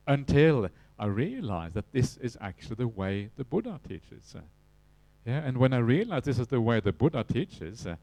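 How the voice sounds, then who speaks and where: A man with a Norwegian accent giving an evening dharma talk as a Buddhist teacher, relaxed, with many "uh" fillers and tag questions. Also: medium pitch, moderate pace, no room sound.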